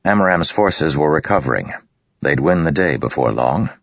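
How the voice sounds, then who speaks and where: A man narrating a story in a steady, even way, with an extremely deep voice and heavy vocal fry. The recording is dry and dull, with the top end muffled. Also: moderate pace, no echo. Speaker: audiobook narrator. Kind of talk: scripted narration.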